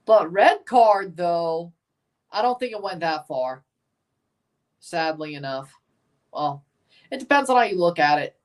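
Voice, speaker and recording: Man, Southern accent, live soccer reaction stream, chatty, slow delivery, slightly distant mic. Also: high voice, animated. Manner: chatty, reads and answers live chat, exclaims at plays. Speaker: watchalong streamer. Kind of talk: live match reaction commentary.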